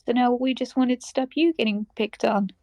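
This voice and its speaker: Woman, halting and soft, mellow dark voice, dry. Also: a little high, fairly even intonation, no echo, low-quality recording. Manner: hesitant, halting. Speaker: player.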